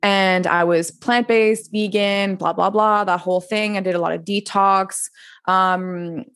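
A woman in her twenties, a coach and podcast guest, telling her story in a rambling, animated way with frequent laughs and restarts. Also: medium pitch, measured pace. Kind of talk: casual interview storytelling.

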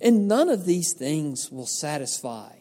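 A man's voice: fairly high pitch, big pitch swings, unhurried, background noise. A man preaching a sermon as pastor, in an earnest way, posing rhetorical questions and then answering them. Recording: long reverb of a large hall.

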